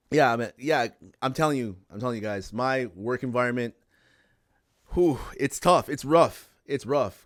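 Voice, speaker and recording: A man hosting a casual livestream podcast, talking loudly and with animation and often repeating himself while he chats with viewers. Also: mid-range voice. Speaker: podcast host.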